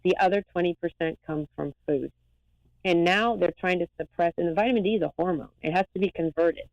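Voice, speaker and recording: A woman eye doctor talking as a guest in a lively, rambling, emphatic way. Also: on the low side, fairly quick, no echo, lo-fi sound. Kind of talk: casual interview talk.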